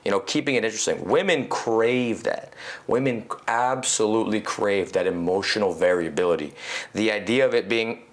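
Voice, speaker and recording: Animated low-voiced man, podcast guest. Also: fairly quick. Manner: animated, acts out quoted inner voices; heavy use of "you know", swears casually. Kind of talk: casual podcast conversation.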